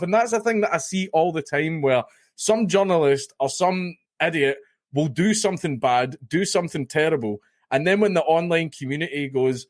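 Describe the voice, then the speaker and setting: A man's voice: a little high, normal speed, no echo, clean studio sound. A Scottish man talking as a podcast guest in casual chat, animatedly acting out the people he mocks. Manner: animated, mocking storyteller who acts out quotes.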